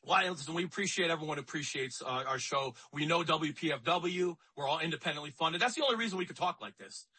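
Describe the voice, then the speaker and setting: A man's voice: on the high side, fast talker, hardly any pauses, bright, forceful tone, breathy edge, low-quality recording. A man hosting a talk radio show, speaking in a conversational, emphatic way and often repeating himself.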